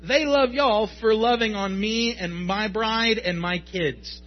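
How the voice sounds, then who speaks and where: A man in his thirties preaching a sermon as pastor, emphatic and at times shouting at his peaks. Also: high-pitched, slow, highs cut off.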